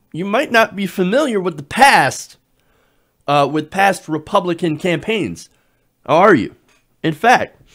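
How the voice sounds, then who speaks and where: A man giving emphatic political commentary, repeating key words for effect. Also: fairly high pitch.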